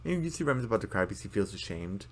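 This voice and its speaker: A man with a fairly low voice talks through a cartoon episode in a loose, casual recap. He rambles, full of fillers and restarts. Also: very animated, racing, slight background noise. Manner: rambling, many fillers, acts out characters' lines. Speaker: video commentator.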